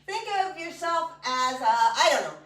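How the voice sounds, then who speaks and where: A woman's voice: sits high, lively intonation, moderate pace, a bit bright, recorded from a distance. A woman fitness instructor guiding a class through exercises in a chatty, encouraging way with joking asides. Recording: echoey room, voice from off-mic.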